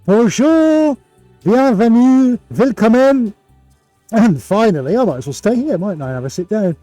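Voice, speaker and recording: A man's voice: high voice, big pitch swings, fast talker, dark tone, no room sound, faint music behind. A middle-aged man hosting a live painting stream, chatty, jokey and full of showman energy, in his art studio. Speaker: art livestream host. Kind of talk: upbeat live presenting. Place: home art studio with several cameras.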